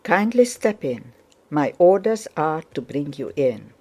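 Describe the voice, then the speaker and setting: A woman doing a deep-voiced giant footman. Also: sing-song, unhurried, dark tone, exaggerated voice. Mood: firm. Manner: polite but unyielding. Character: deep-voiced gigantic male footman, firm.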